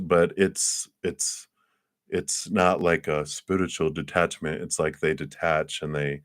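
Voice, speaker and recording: A man with a very low, deep voice talks through a live tarot reading in a loose, chatty way. He laughs often and slips into little acted-out voices for the people he describes. The sound is close and dry, with no room around it. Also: fairly bright tone, no room sound. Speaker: tarot reader.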